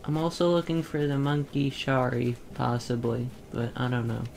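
A woman's voice: rumbling low, level tone, moderate pace, creaky, a little mellow, soft background music. A woman chatting casually with a friend during a game stream, playful and teasing. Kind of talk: casual chat.

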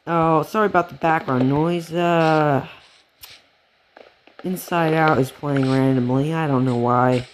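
A man giving casual, rambling commentary while playing a game, gasping and getting excited at cute animals. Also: a little high, slow, a little hiss or hum. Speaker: let's play gamer.

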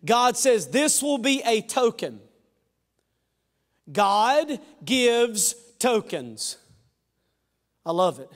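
A male pastor with a very high voice preaches fervently, rising to shouts and then dropping to quiet, joking asides. His folksy delivery rings through a large church sanctuary. A long reverb trails every phrase. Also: big pitch swings, very slow, long pauses. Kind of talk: sermon.

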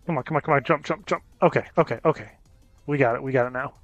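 Gaming YouTuber, male, casual running commentary, loud reactions, dry close mic. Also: medium pitch, fast, no echo, lo-fi sound, faint music behind. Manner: chatty, reacts loudly to near misses.

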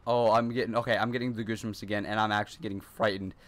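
A man's voice: lowish voice, flat delivery, rapid-fire, a bit bright. A young man playing a horror game in his hot bedroom, talking nervously to himself and repeating lines as he runs. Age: teens. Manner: nervous, repetitive self-talk. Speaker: gaming YouTuber.

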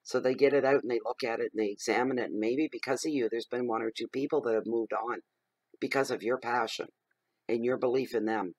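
A middle-aged man giving a general tarot reading, expressive and emphatic, working himself up as he talks. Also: medium pitch, a little fast, dry recording, rough recording. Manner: expressive and emphatic, gets riled up. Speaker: tarot reader.

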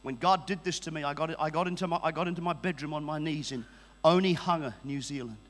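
A man's voice: a little high, fast, fairly bright tone. A man in his fifties from England preaching a fervent sermon, using repeated call-and-response phrases. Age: 50s. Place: large church hall. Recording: echoey church hall with mains hum.

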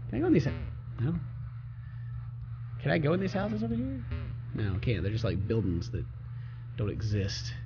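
Man, let's play commentary, jokey, talks back to game characters, slightly high voice, dull lo-fi recording. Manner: jokey, talks to game characters and reads their lines aloud. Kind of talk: casual gameplay commentary.

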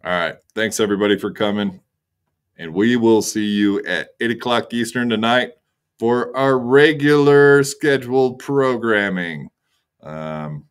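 A man closes out his livestream in a slow, unhurried drawl. His voice sits low, and he talks in a laid-back, crude, joking way into a desk mic. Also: clean tone. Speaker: streamer host. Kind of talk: casual livestream sign-off.

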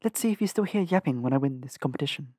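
A man's voice: medium pitch, animated, rapid-fire, no echo, studio quality, lightly acted. A man voicing a defiant young female assassin. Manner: sharp, defiant, spiteful.

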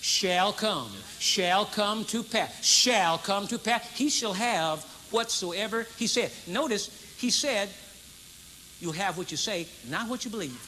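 Pastor, male, 50s, very high and piercing delivery, live church service, hammering repetition. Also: slow pace, slight background noise. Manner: emphatic, repeats key phrases for effect; swings between loud proclamation and low intense talk. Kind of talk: sermon. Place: large church service with congregation responding.

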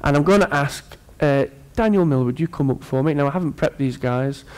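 Fairly high-voiced earnest male preacher. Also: brisk, clean tone. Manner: earnest, with playful asides to the congregation. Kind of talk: sermon.

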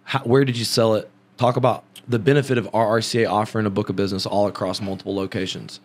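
A man's voice: fairly low pitch, little pitch movement, fast talker. Joking, slangy male podcast host. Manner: loose, joking, slangy, laughs often. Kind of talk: casual interview chat.

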